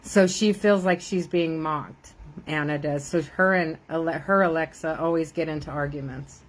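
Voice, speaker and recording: A woman's voice: low voice, moderate pace, rough recording. An older woman, a grandmother, chatting casually and rambling while she crafts on a live stream, laughing often.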